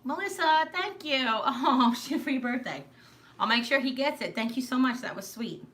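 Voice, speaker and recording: A woman's voice: on the high side, lively intonation, moderate pace, fairly bright tone. A middle-aged woman from New York hosting a casual live stream, chatty and rambling, laughing often. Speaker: live stream host, mother.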